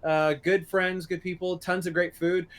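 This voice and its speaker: A man's voice: high-pitched, level tone, normal speed. A young man co-hosting a podcast, rambling through a story with lots of laughter and swearing. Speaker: podcast co-host. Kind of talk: casual chat.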